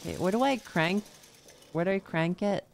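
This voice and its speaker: A woman streamer chatting playfully and excitably while commenting on her gameplay. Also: lowish voice, normal speed, gravelly, slight background noise.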